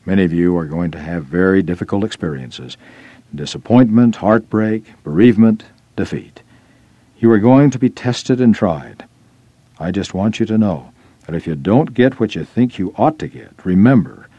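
A man reading a first-person religious article aloud in an earnest, measured storytelling manner. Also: low-pitched, mellow, no echo, highs cut off. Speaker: reader.

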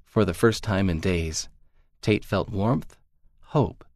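A man reads a story aloud in a calm, measured way. His voice sits low and steady. The sound is close and dry, with no room echo. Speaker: story narrator. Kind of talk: scripted narration of a magazine story.

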